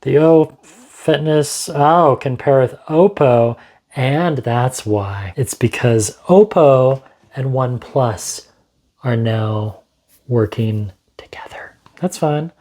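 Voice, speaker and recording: An unhurried man talks through a gadget unboxing in his home studio, dropping joking asides and thinking out loud. His voice is mellow and warm, and he takes his time with each thought. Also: medium pitch. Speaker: tech reviewer. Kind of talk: casual unboxing vlog.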